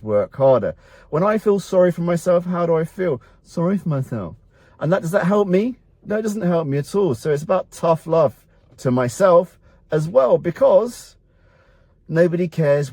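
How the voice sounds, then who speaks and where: A man's voice: a little high, warm tone, no echo. A middle-aged man, a doctor giving a blunt, motivational health talk to camera that poses rhetorical questions and then answers them. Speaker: doctor at a men's health clinic.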